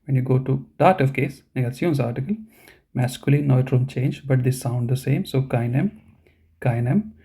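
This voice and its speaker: A man's voice: medium pitch, normal speed, warm tone, husky. A man teaching a live online language lesson, patiently repeating each point and checking in with the class. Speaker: German teacher.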